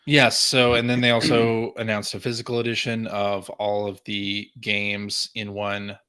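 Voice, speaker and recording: A man co-hosting a podcast in casual chat, relaxed and laughing as he talks. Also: on the low side, unhurried, clear, resonant tone. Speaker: podcast co-host.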